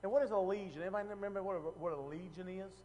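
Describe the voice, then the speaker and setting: A man's voice: sits high, racing, darkish tone, big-room sound, slight background noise. A man teaching a Bible passage in a casual, conversational way, often asking the room questions and restarting his sentences. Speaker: preacher.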